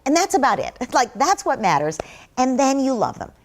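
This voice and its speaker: A woman's voice: high voice, big pitch swings, normal speed. A middle-aged woman answering interview questions as a parenting expert, speaking earnestly and walking through everyday examples. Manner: earnest, explains by acting out example dialogues. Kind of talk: interview answer, conversational advice.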